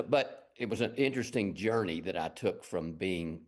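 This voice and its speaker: Man, West Texas accent, very low pitch, folksy, meandering, self-deprecating. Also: expressive, unhurried. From Lubbock, Texas. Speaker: guest artist. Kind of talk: casual storytelling interview.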